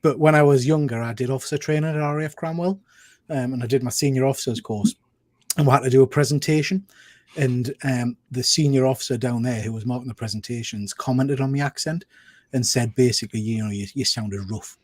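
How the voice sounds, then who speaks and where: A man talks casually on a group video call. He rambles and pokes fun at himself. His voice is husky and mid-pitched, and the sound is dry and close. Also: fairly even intonation, fast talker, darkish tone, no room sound. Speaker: panelist. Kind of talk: casual chat.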